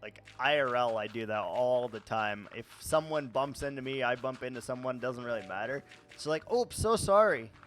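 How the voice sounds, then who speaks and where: A man's voice: mid-range voice, moderate pace, fairly bright tone, soft background music. A man with a Midwestern accent chatting casually on a gaming livestream, profane and rambling, laughing at himself. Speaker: streamer.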